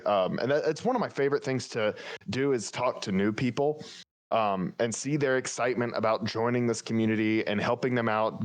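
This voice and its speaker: A man co-hosting a casual podcast, talking candidly and thinking aloud as he goes. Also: mid-range voice. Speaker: podcast co-host.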